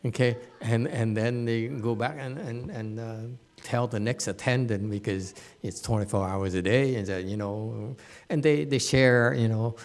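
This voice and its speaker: A man's voice: medium pitch, measured pace. A man teaching a dharma lecture to students at a meditation center, plain-spoken and teasing, with many fillers and restarts. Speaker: Buddhist teacher.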